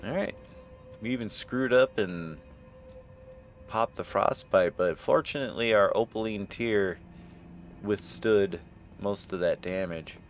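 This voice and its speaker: A man's voice: lowish voice, measured pace, pauses often, faint music behind. A man streaming a game live, joking with his chat, swearing at misses and reading item text aloud. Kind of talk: live gameplay commentary.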